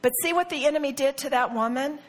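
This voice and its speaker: A middle-aged woman leads a Bible study with a fairly high voice. She speaks to the room earnestly and confidingly, and she keeps turning to the listeners with rhetorical questions. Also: quick pace. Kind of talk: personal teaching talk to a group.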